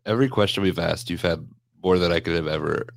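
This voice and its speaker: A man's voice: low voice, quick pace, gravelly. A man co-hosting a podcast, chatting casually and laughing often. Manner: laughs often, lively and expressive. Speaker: podcast co-host. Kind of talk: casual chat.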